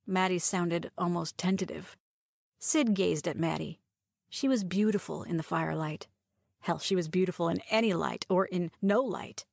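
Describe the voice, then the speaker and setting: A woman's voice: on the low side, moderate pace, creaky, no room sound. Woman narrating a romance story, dry sound. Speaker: audiobook reader.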